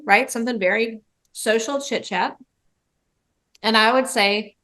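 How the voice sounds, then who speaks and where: A woman's voice: on the high side, fairly even intonation, measured pace, long pauses, fairly bright tone. A woman dementia trainer giving a webinar presentation, telling a story and acting out the quoted voices.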